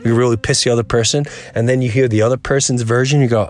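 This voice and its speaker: A man's voice: mid-range voice, fairly even intonation, fast, faint music behind. A man hosting a podcast, talking in an earnest, rambling way and acting out the people he quotes. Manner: acts out quoted voices. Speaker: podcast host. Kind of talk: casual monologue.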